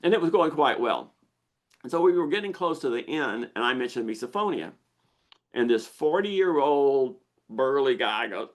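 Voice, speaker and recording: A man's voice: mid-range voice, lively intonation, normal speed. A man, a therapist hosting a Q&A, explaining in plain talk and often repeating phrases for emphasis. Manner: repeats phrases, acts out quotes.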